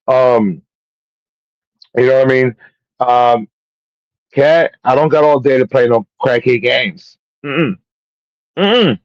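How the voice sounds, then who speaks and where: A man's voice: medium pitch, dry recording. A man hosting a casual livestream, joking and bantering loosely with his guests. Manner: laid-back, joking banter. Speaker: livestream host. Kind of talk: casual stream chat. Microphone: streaming call mic. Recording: dull lo-fi stream audio.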